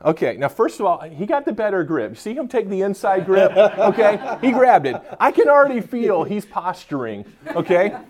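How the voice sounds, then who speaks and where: A man's voice: high voice, sing-song, normal speed, few pauses, crowd noise. Joking man giving a conference talk. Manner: joking and interacting with the audience. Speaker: conference speaker. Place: conference room with a live audience.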